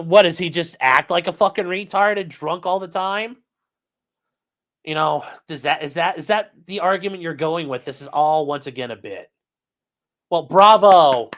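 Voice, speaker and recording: A man whose voice sits a little high, with a fairly bright tone, hosts his channel. He mocks a court filing through profane, incredulous commentary and responds to his live chat.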